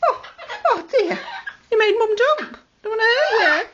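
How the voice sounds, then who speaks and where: A woman's voice: very high-pitched, expressive, unhurried, fairly bright tone, slight background noise. A woman doting on her pet parrots at home in playful, coaxing baby talk, heard through dull lo-fi home video sound. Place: living room at home with perched parrots.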